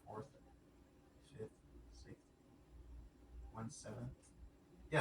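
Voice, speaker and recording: Slow-talking man musing to himself. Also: mid-range voice, far from the mic. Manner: muttering and repeating, unsure, working out fractions aloud. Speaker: vlogger. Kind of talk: thinking aloud to himself. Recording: echoey room, off-mic, noisy background.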